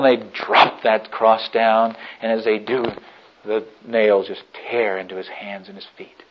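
Dramatic preacher man, lo-fi recording. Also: medium pitch. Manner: dramatic storytelling, swings from hushed to shouting. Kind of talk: sermon. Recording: dull lo-fi recording.

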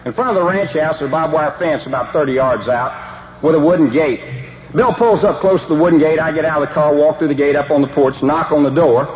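A man who is a football coach telling a humorous story in an animated way, acting out the dialogue. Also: a little high, a little fast. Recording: dull lo-fi recording with faint hiss.

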